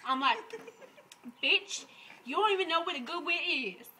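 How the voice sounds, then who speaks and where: A man's voice: very high-pitched, animated, moderate pace, a little hiss or hum, heavily acted, rough recording. A man doing a brash, crude young woman. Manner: loud, crude, laughing while talking. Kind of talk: improvised comic monologue.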